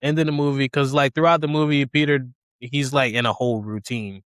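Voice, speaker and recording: A man's voice: mid-range voice, a little fast, clear, resonant tone, no echo, clean studio sound. A man on a podcast casually recapping a film's plot, animatedly acting out what the characters say. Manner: animated retelling, acts out quoted characters. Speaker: podcast co-host.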